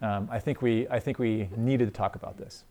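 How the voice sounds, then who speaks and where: A man leading an informal church group discussion, talking earnestly with many pauses and restarts, then closing in prayer. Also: on the low side, steady tone, darkish tone.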